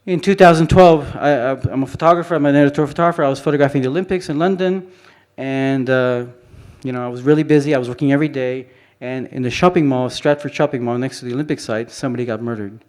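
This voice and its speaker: A man presents his photography work at a conference, speaking in a loose, conversational way. He circles back often, restarting sentences and leaning on "you know." His voice sits at an ordinary middle pitch. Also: quick pace, few pauses, a little mellow. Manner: rambling, many restarts and "you know" fillers. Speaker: photographer giving a conference talk. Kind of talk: informal presentation talk. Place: conference hall.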